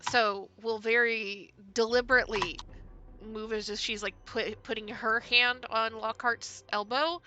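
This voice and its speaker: A woman playing a tabletop role-play, talking through her character's moves with lots of fillers. Her voice is bright and slightly high. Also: fairly even intonation, measured pace, muffled recording. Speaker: player.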